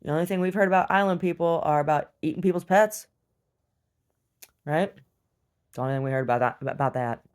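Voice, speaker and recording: A woman's voice: low-pitched, brisk, pauses often, a little mellow, clear, resonant tone. A woman venting bluntly and profanely in a casual video diary recorded at home. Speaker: video diarist. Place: rural property at home.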